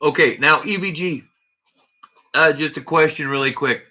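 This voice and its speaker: A man's voice: fairly high pitch, moderate pace, bright, forceful tone, highs cut off. A man hosting a casual livestream, chatting nervously and jokingly with his viewers. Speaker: livestream host.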